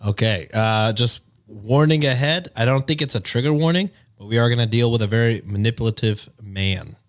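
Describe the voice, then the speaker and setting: A man's voice: medium pitch, fairly quick. Chill guy cohosting a podcast, joking around, regular mid voice. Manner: laid-back, jokey, reads stories aloud. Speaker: podcast co-host. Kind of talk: casual podcast chat.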